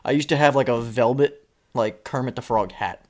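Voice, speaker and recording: A man's voice: medium pitch, moderate pace, darkish tone. Rambling, teasing male podcast host. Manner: teasing, rambling, swears freely. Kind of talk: casual chat.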